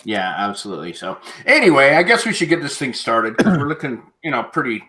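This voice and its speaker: A man's voice: medium pitch, big pitch swings, a little fast, bright, forceful tone. A man hosting a live auction stream, chatting casually in an easygoing, rambling way. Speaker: auction show host.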